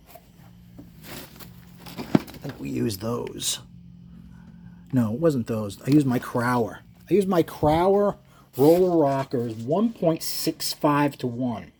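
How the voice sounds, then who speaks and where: A man's voice: mid-range voice, animated, unhurried, warm tone, slight background noise. A man who builds engines, explaining his work in casual, rambling shop talk that wanders into stories, with frequent self-corrections and chuckles.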